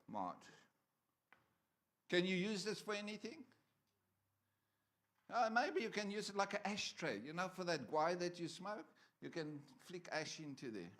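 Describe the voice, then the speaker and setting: A man with a high voice preaches to his congregation. He keeps it conversational, teasing the room and asking them questions as he goes. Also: fairly bright tone. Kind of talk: sermon. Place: church.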